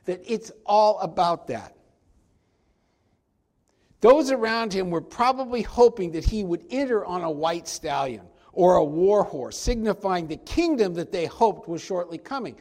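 A male pastor preaching a sermon, emphatic and slowing down to stress key points. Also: high-pitched, expressive, a little mellow.

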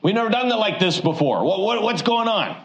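A Canadian pastor voicing flustered, startled disciples in a high, exclaiming, incredulous tone during a sermon. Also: male voice, very animated, moderate pace. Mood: shocked.

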